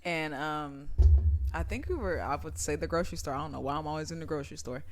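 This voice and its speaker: A woman with a fairly low voice chats easily on a podcast. She tells her story in a relaxed, offhand way with casual swearing. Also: fast talker, faint music behind. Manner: laid-back, chatty storytelling. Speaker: podcast co-host. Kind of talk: casual chat.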